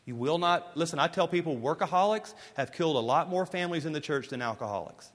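A man preaching a sermon as pastor, telling stories emphatically and moving between forceful lines and hushed ones. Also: on the high side, lively intonation, fast talker. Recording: long hall reverb.

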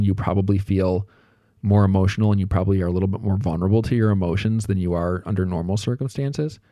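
A man's voice: sits low, mellow, no echo, studio quality. A man hosting a podcast, talking through ideas in a casual, conversational way, thinking aloud with fillers and made-up examples. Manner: acts out little bits of dialogue in passing. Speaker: podcast host. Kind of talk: casual solo explanation.

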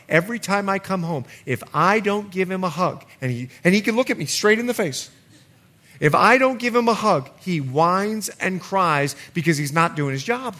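A pastor with a voice on the high side preaches a sermon, building to emphatic outbursts and then easing into soft, quiet appeals.

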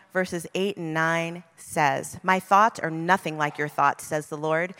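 A woman's voice: on the low side, a bit bright. A woman preaching a sermon to a women's gathering, passionate and conversational, leaning hard on key words. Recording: long reverb of a large hall.

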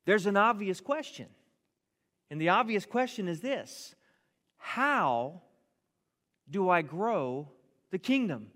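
A man preaching a sermon with a somewhat high voice, his words ringing through a large reverberant hall. He tells his stories with emphatic, earnest delivery. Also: a bit bright. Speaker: pastor.

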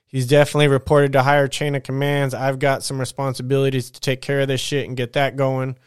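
Guy rambling through a work story on his podcast, lots of swearing, clean smooth voice, dead dry room. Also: mid-range voice, fast, no room sound. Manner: rambling, profane, animated retelling. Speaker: podcast host. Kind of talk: casual storytelling monologue. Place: at home getting ready for bed.

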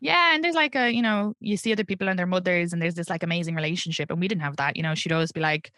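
A woman in her thirties with an Irish accent, talking frankly about her own life in an interview. Her voice sits a little low but sounds bright and sharp. She swears freely and animates her stories, recorded dry and close. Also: racing, clean tone, no echo. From Ireland. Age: 30s. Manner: blunt and profane, animated storytelling. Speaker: comedian guest. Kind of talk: candid interview conversation.

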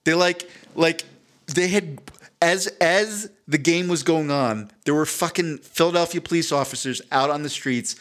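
A man co-hosting a podcast in casual chat, animated and profane, stumbling over his words and slipping into jokey accents. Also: on the high side, measured pace. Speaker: podcast co-host.

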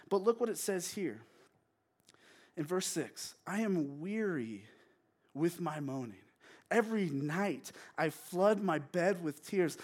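High-voiced animated young preacher, a man. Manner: animated, acts out his own yelling and crying for laughs. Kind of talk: storytelling sermon.

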